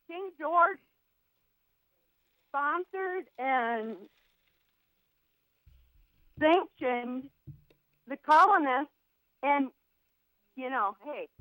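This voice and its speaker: A woman's voice: sits high, a bit bright, dry recording, poor audio. A woman from Michigan calling in to a talk show, opinionated and meandering. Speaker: caller. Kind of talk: call-in talk radio.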